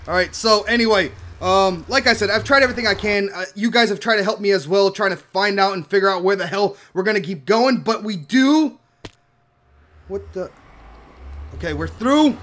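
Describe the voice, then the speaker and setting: A young man casually commenting on his own game play, rambling and breaking into excited shouts. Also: high-pitched, moderate pace. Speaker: gaming channel host. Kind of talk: Minecraft let's play commentary.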